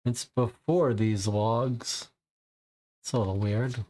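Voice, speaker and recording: A man's voice: medium pitch, steady tone, slow, dark tone. A man playing a game and thinking aloud as he takes notes. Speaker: game player. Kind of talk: casual game commentary.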